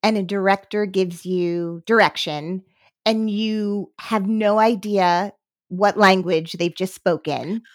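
A woman hosts a podcast and asks her guest questions in an easy, chatty way. Her voice sits at a middle pitch. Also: steady tone, slow. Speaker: podcast host. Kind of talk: casual interview chat.

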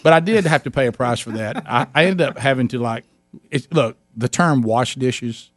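A man's voice: medium pitch, moderate pace, no room sound, studio quality. A man hosting a talk show, telling a long funny family story with lots of restarts and acted-out quotes. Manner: animated storyteller, many restarts, acts out his wife's lines. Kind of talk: casual storytelling chat.

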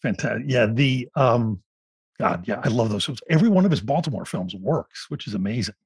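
A man hosting a film podcast, chatting casually with his guest, laughing easily and chiming in with quick agreement. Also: medium pitch, lively intonation, slightly rough. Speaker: podcast host. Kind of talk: casual conversation.

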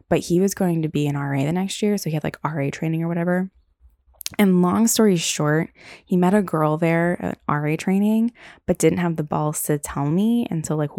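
A woman's voice: low voice, dark tone, dry recording, clean studio sound. A young woman hosting a solo podcast, telling stories casually with lots of "like" and "um". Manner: casual, rambling, frequent "like" and "um". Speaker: podcast host.

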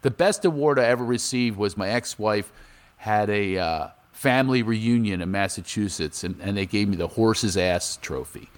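A Philadelphia comedian, appearing as a guest, chats casually in an interview and tells stories, acting out the voices of people in his anecdotes. His voice is on the low side and he speaks at a moderate pace.

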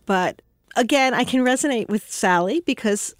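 A widow telling a heartfelt personal story about grief, pausing often. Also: female voice, on the high side, animated, no echo, clean studio sound, soft background music.

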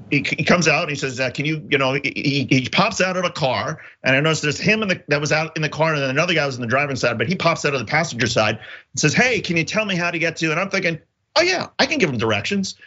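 A fast-talking man in his fifties with a bright, sharp voice, telling a story on a podcast. He jumps up into a high voice to act out the dialogue, and the audio sounds a bit dull. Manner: fast, bright, acts out lines in a much higher voice. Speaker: podcast co-host. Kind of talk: casual chat, storytelling.

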